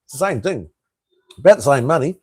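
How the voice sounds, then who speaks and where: A blunt Australian man in his fifties hosts a casual live stream, answering viewers and swearing freely. His voice sits at an ordinary middle pitch. The sound is dry and close, with little room echo. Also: big pitch swings, fairly quick, breathy edge. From Australia (Tasmania). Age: 50s. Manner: blunt, swears freely, chuckles between remarks. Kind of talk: casual live chat reading viewer comments.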